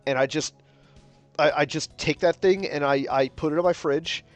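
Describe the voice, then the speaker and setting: A young man chatting casually on a stream while drawing, rambling with lots of fillers and restarts, swearing freely and getting loud and animated when he rants. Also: fairly high pitch, normal speed, dry recording. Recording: faint music behind.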